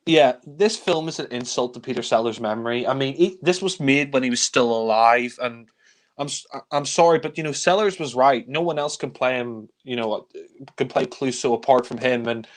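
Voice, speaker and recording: A man reviewing films in a casual chat, exasperated and swearing freely, sometimes mimicking characters with shouts. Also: medium pitch, moderate pace. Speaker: film reviewer. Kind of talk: casual film discussion.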